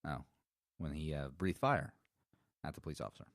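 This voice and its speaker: A man's voice: extremely low pitch, animated, moderate pace, a bit bright, no room sound, studio quality. A man co-hosting a casual podcast about a cartoon series, reading trivia with wry jokes. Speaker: podcast co-host.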